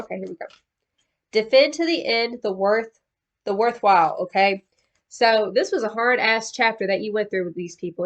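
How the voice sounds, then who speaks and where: Slangy, higher-voiced woman tarot reader. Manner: slangy, profane, chatty, calls the listener boo-boo. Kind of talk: casual tarot card reading.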